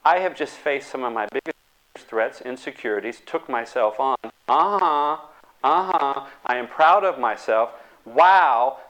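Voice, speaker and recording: A man giving a lecture, animated and acting out the voices of the people in his examples. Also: on the high side. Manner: animated, acts out quoted voices.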